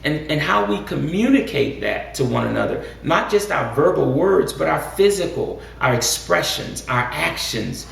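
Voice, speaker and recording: A man co-hosting a casual talk about marriage, speaking in a measured way that turns preacherly and rises with emphasis. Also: on the high side, very animated, gravelly, a bit bright. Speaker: co-host. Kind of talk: casual chat. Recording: echoey room, far from mic, faint noise.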